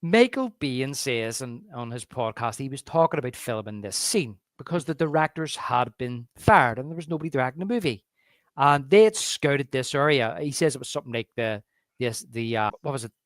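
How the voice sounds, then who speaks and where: A man co-hosting a movie podcast, casually retelling film scenes and quoting their lines in a lowered drawl. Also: animated, normal speed, no echo, clean studio sound. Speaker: podcast co-host. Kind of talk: casual movie review chat.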